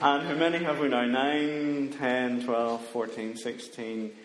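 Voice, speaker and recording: A man's voice: medium pitch, steady tone, slow. A man preaching a playful, interactive children's talk to a church congregation, coaxing people up from the pews to act out a story. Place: large church hall. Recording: echoey hall with long reverb, faint noise.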